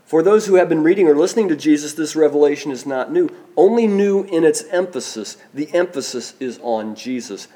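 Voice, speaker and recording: A man preaching a sermon, slow and deliberate, letting his voice drop soft on key phrases. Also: fairly high pitch, animated. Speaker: pastor.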